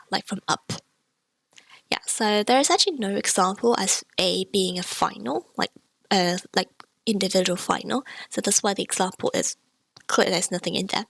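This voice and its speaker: A woman's voice: on the high side, vocal fry, a bit bright, husky, no echo. A woman teaching a beginner Cantonese pronunciation lesson, explaining patiently step by step. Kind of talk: language lesson.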